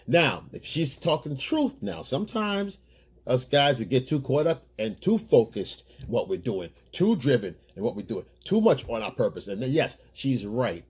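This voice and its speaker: A man with a breathy, husky voice gives relationship advice in a loose monologue. He rambles, restarts his sentences and keeps calling his listeners "guys." His tone is easygoing and conversational. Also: medium pitch, big pitch swings, moderate pace, darkish tone. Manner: loose, rambling street-style talk addressed to "guys". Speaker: relationship coach.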